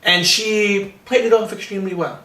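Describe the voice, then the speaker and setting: A man's voice: high-pitched, steady tone, moderate pace, fairly bright tone. A man hosting a podcast in casual chat, ranting with sarcastic disbelief about a movie. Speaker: podcast host. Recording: echoey room, mic set far off.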